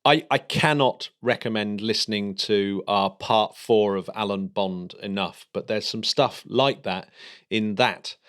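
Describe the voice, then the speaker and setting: A man's voice: fairly low pitch, measured pace, fairly bright tone, clear, resonant tone. A man co-hosting a casual space podcast, rambling enthusiastically through the week's news. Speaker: podcast co-host.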